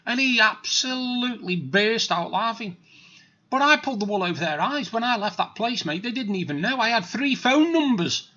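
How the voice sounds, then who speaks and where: A man's voice: very high-pitched, lively intonation, moderate pace, pushed and bright, muffled recording. A middle-aged man telling stories in a plain-spoken, rambling, blunt way. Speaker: vlogger. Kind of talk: casual storytelling monologue.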